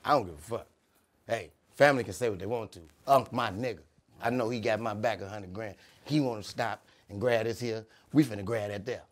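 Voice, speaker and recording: A laid-back older hustler uncle, as a storyteller puts him on talks in a low, hushed mumble. He sounds relaxed and conspiratorial, like every sentence is a little plan. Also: fairly quick, natural voice. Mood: scheming.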